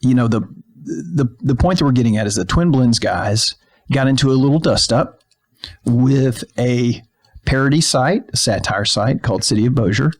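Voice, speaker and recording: A man's voice: mid-range voice, expressive, moderate pace. A man co-hosting a podcast, telling stories in a rambling casual chat full of fillers and restarts, in a filmed studio. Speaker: podcast co-host.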